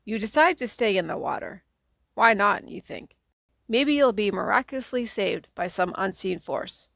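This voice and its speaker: Lady reading a kids book aloud, gravelly voice, dry close sound. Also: mid-range voice, animated, normal speed, a bit bright, dry recording. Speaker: audiobook reader. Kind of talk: audiobook narration.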